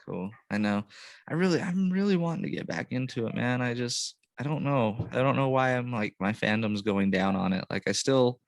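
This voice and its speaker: A man's voice: mid-range voice, lively intonation, moderate pace, gravelly, no room sound. A man hosting a podcast, chatting casually in a laid-back way about sports memories. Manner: laid-back, says dude and man a lot. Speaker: podcast host. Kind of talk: casual chat.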